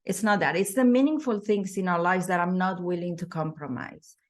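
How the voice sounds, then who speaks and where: A woman's voice: fairly low pitch, brisk. A middle-aged woman sharing her personal story as a podcast guest, thoughtful, with frequent fillers and restarts.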